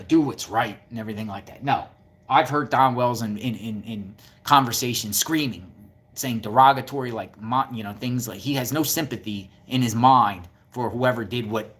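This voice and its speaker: A man's voice: medium pitch, a bit bright. A man giving casual true-crime commentary, combative and repetitive, firing off rhetorical questions. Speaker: YouTube commentator.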